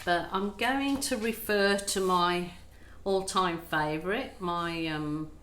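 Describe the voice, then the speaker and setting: Slow-talking, chatty woman in an echoey room. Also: lowish voice, fairly bright tone. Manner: chatty and self-deprecating, thinks aloud. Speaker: acrylic pour artist and channel host. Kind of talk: casual how-to chat while painting. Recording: echoey room, faint ambient noise.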